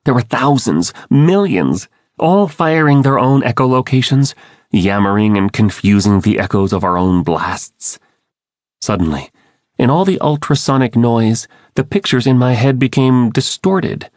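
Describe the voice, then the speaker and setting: A man's voice: mid-range voice, lively intonation, measured pace, no echo. A man giving urgent, dramatic first-person audiobook narration into a close studio mic.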